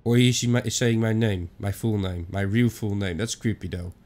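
A man giving chatty let's-play commentary on a ghost hunting game, thinking out loud with some non-native phrasing. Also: on the low side, steady tone, normal speed. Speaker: gaming YouTuber.

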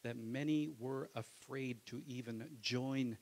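A male pastor preaching a sermon in a casual, conversational way, acting out biblical voices and swinging from soft asides to loud calls. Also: medium pitch, fairly even intonation, takes it slowly.

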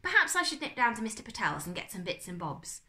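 A woman's voice: medium pitch, sing-song, fast talker, sharp tone, voice pushed up, heavily acted. A woman reading aloud and voicing a cheerful, fussy older uncle in a children's storybook, with a hearty, flustered manner. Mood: jovial.

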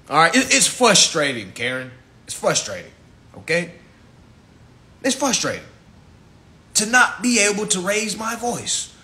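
A man hosting a live stream, loud and blunt, with plenty of cursing. His voice sits a little high, with a bright, tense edge. He rants and coaches viewers in the same forceful way. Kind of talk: profane ranting and coaching.

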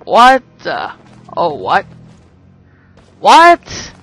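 A man with a very high, bright voice plays through a horror game, narrating at an unhurried pace. He cracks jokey asides and breaks into panicky yelps when scared. Faint game music plays behind him. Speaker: gaming commentator. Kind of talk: let's play commentary.

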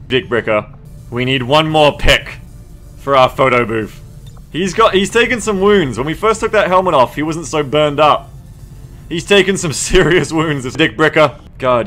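A man's voice: mid-range voice, a bit bright. A man giving joking, rambling commentary over his video game campaign, full of crude jokes and silly repetition. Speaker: gaming video creator.

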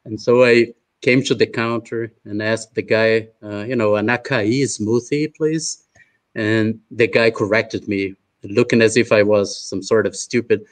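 A man's voice: fairly low pitch, level tone, normal speed, few pauses. A man from Brazil with a Brazilian Portuguese accent, moderating an online roundtable and introducing the panelists in a hesitant, chatty way full of filler uhs, over a video call.

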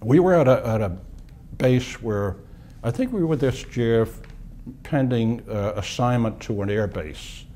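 Interviewed for an oral history, an eighty-something war veteran from Boston recalls his past in a soft, mellow, mid-range voice. He takes his time, often pausing and starting over as he remembers.

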